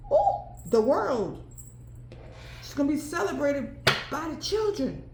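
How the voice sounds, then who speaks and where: A woman's voice: high voice, sing-song, measured pace, a little mellow, echoey room. A woman giving a solo tarot card reading, thinking aloud and breaking into exclamations and laughter. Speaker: tarot reader.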